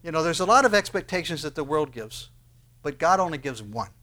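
A male pastor preaching a sermon in an animated way, asking rhetorical questions and raising his voice for emphasis. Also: a little high, fairly quick.

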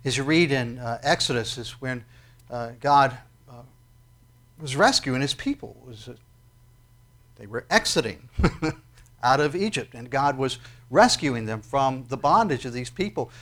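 A man's voice: medium pitch, lively intonation, a little slow, long pauses, a bit bright. A man preaching a sermon in a conversational way, often asking his listeners questions. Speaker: pastor.

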